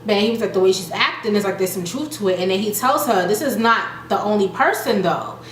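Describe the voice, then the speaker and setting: A young adult woman casually recapping a reality show, chatty and animated, acting out the quotes with laughter. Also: mid-range voice, a little fast. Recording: echoey room with faint noise.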